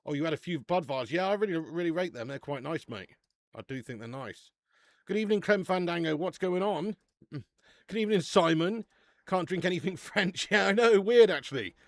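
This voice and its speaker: A man's voice: high-pitched, expressive, brisk, no room sound. A man hosting a casual football watch-along stream, chatting with the live chat and swearing casually.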